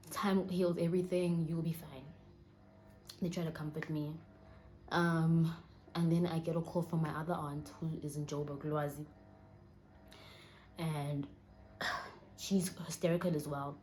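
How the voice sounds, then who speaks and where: A woman's voice: low voice, mellow, a little hiss or hum. A young woman in her twenties with a Southern African accent, telling a personal story while holding back tears and often sinking to a near whisper. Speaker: vlogger. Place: indoors, seated.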